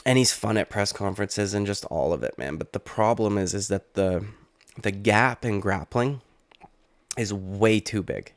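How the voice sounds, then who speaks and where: He's an MMA YouTuber in his late twenties, talking in an unhurried, fairly low voice with no echo. He reacts to fighting news in a casual, rambling way, cursing as he goes.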